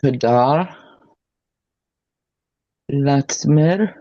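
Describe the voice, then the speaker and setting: Hesitant male learner, slow and halting, dark tone, dull call audio. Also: mid-range voice, dry recording. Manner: hesitant, halting, sounds out words with restarts. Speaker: student. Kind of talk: reading aloud in an online class. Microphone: video call.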